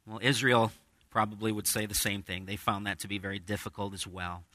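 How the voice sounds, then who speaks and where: Bright, dry-voiced male pastor preaching. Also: fairly low pitch, steady tone, fast, dry recording. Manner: conversational preaching with dramatic quoted asides. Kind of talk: sermon. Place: church with a congregation.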